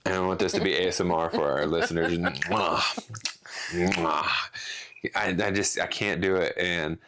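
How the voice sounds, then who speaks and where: A man's voice: low voice, steady tone, fast talker, background noise. A man co-hosting a casual podcast, rambling through a rant with restarts and some swearing. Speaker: podcast co-host.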